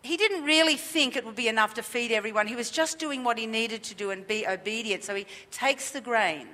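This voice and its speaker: A woman preacher delivers a sermon in a clear, bright voice that sits a little high. She drives her points home by repeating them and asking the congregation questions. Her voice trails off into the long reverb of a church hall. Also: brisk. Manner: emphatic and repetitive, with rhetorical questions. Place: church service.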